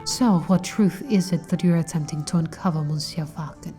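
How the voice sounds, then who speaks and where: A woman voicing a sly male fox con man in a bird lawyer game, speaking low and hushed. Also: normal speed, soft background music, natural voice. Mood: smooth, evasive.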